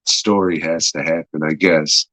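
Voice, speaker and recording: A man's voice: a bass voice, steady tone, a little slow, a bit bright, no echo, rough recording. A man hosting a podcast, recapping an episode's plot in a rambling, crude way, swearing a lot and filling gaps with uh. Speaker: podcast host reviewing an episode.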